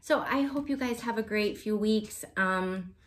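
A woman's voice: mid-range voice, measured pace. A woman in her thirties hosting a casual cross-stitch vlog, talking to her viewers in a chatty, rambling way with frequent laughs. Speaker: Flosstube cross-stitch vlogger.

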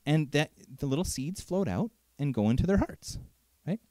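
A man preaching in an animated, chatty way, leaning on rhetorical questions to pull the congregation in. His voice sits high for a man and swoops all over the place. The sound is dry and close. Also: normal speed, dry recording. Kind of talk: sermon.

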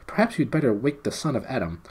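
A man voicing a polite, helpful young male fawn in a storybook, with a gentle courteous manner. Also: medium pitch, very animated, fast talker, husky, voice pushed up.

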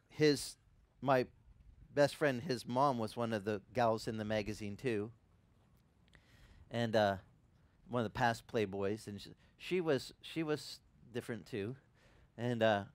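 Conversational storytelling male pastor, dry sound. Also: dry recording. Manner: conversational storytelling, rising in pitch and volume when impassioned. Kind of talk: sermon. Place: church ministry in Hawaii.

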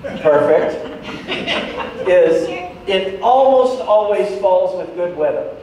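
A man with a fairly high voice preaches a sermon in a church sanctuary, animated and quick to drop a joke to his listeners. The room is very echoey, and he sounds a little distant from the mic, with a faint hiss behind him. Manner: lively, joking asides to the congregation. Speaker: pastor. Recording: echoey church hall, voice from afar, faint noise.

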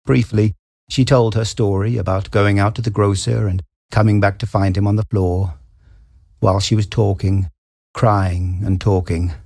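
A man reading a short story aloud in a measured, wry storytelling manner. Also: on the low side, dark tone, breathy edge, dry recording, studio quality. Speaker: story reader.

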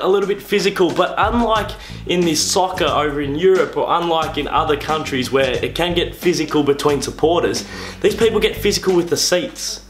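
A man's voice: a little high, fairly bright tone. Exasperated young Australian man, echoey. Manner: exasperated, mocking, quick-talking. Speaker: comedy vlogger. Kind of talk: comedic vlog monologue.

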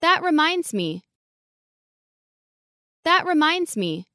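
Slow, high-voiced woman reading English drills. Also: sing-song, pushed and bright, no room sound, studio quality. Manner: reads each short sentence twice. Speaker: English lesson reader. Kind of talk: slow, clear sentence reading for repetition.

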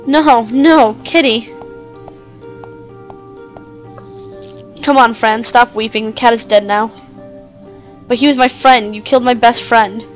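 A woman's voice: a little high, normal speed, soft background music, natural voice. A woman voicing a troubled young girl who pleads anxiously with her cat and the adults around her. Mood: distraught.

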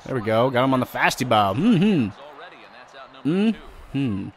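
Male let's-play host, mid-pitched, brash and profane, reacts loudly to each play. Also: slow pace. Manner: loud, vulgar, excitable banter. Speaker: gaming channel host.

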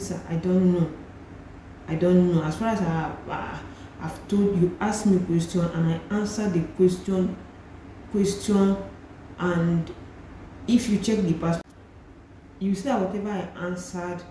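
A woman's voice: fairly low pitch, dark tone, a little hiss or hum. A young Nigerian woman with a Nigerian accent, animatedly retelling a personal story in a vlog and slipping into pidgin phrases. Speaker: vlogger. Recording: very echoey room, faint ambience.

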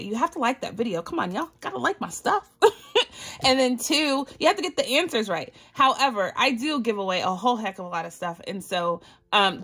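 A woman's voice: medium pitch, fairly bright tone. A woman hosting a budgeting channel, chatting casually and giggling as she talks to viewers.

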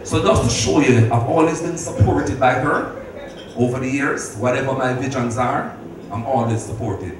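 The birthday speaker continues his warm, story-filled tribute, laughing and sounding somewhat like a preacher. His voice is mid-range at a moderate pace, picked up at a distance in a reverberant hall amid crowd noise.

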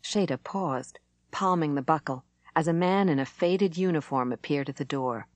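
Brief: female audiobook reader, low voice, dry booth sound. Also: moderate pace, a little mellow, dry recording. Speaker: audiobook narrator. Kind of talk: scripted narration.

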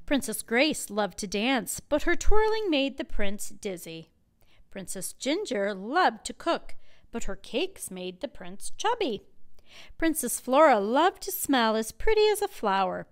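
Woman librarian, children's storytime reader, slow and animated. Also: fairly high pitch. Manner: expressive, with sound effects. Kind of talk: children's storytime read-aloud.

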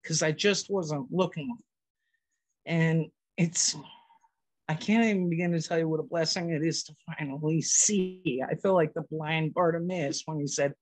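A man joining a prayer call to share a personal testimony, halting and full of restarts, getting weepy as he talks. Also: fairly high pitch, fairly even intonation. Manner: halting, many restarts, tearful. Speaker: participant sharing a testimony. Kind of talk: emotional personal sharing.

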